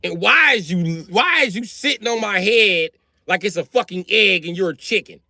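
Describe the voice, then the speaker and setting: A man in his thirties telling comic stories about his kids in an animated, profane way, jumping into high yelps. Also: moderate pace, no room sound, studio quality. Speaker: stand-up comedian. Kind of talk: stand-up storytelling.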